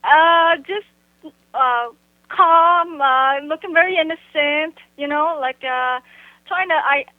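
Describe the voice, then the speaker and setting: A woman guest on a phone line, telling her story bluntly and haltingly, with plenty of "you know" and "like". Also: sits high, dry recording. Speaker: guest recounting an encounter. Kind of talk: casual phone interview.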